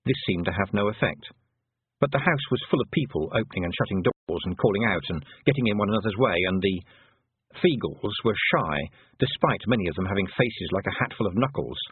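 Guy reading a story out loud, husky, lively pitch, dry phone-ish sound. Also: a little fast, no echo, phone-quality sound. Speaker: audiobook narrator. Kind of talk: scripted narration.

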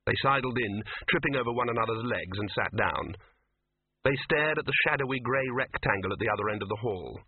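A man narrating a comic fantasy story with wry, expressive storytelling. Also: mid-range voice, brisk, breathy edge, no echo. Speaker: audiobook narrator. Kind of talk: scripted narration. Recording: tinny, phone-like recording.

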